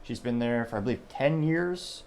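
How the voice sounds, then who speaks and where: A man's voice: medium pitch, lively intonation, moderate pace, vocal fry, a little mellow, a little hiss or hum. A young adult man hosting a show, giving rambling, conversational news commentary and often correcting himself. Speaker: show host.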